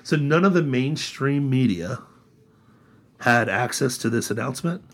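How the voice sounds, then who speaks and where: A man hosting a casual political chat podcast, sarcastic and animated. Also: medium pitch, a little slow. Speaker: podcast host.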